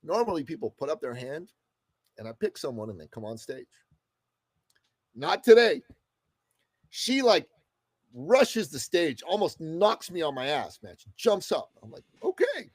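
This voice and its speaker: A husky man in his fifties from the Middle East, a guest on a talk show. He tells a story casually and expressively and does not mind swearing. The recording is dry and close. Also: on the high side, sing-song, a little slow, pauses often, no room sound. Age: 50s. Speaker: guest entrepreneur. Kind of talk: animated storytelling in conversation.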